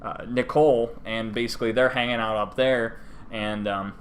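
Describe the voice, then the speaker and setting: A man's voice: fairly low pitch, little pitch movement, moderate pace, slight background noise. A man hosting a podcast, casually retelling fantasy lore in a rambling, irreverent way full of fillers. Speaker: podcast host.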